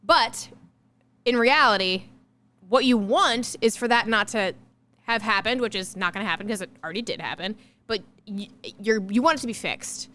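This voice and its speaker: Clear-voiced woman explaining in chat. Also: mid-range voice, moderate pace, pushed and bright. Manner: explanatory, laughs easily. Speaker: podcast co-host. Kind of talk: casual chat.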